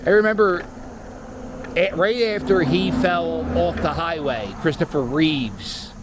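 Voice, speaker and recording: The recording is very noisy as a man with a slightly high voice rides his scooter through a park, taking it slowly. He rambles casually, offering wry observations and little story asides.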